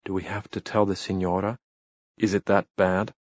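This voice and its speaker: A devoted English gentleman, voiced by a male narrator speaks in soft, measured tones. The voice is deep and husky. The recording is dry and a bit dull. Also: little pitch movement, dry recording. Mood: tender.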